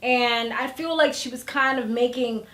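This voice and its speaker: A woman vlogger giving a casual, gossipy recap of a TV episode, animated and full of slang, often acting out what people said. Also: a little high, a little slow. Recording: echoey room.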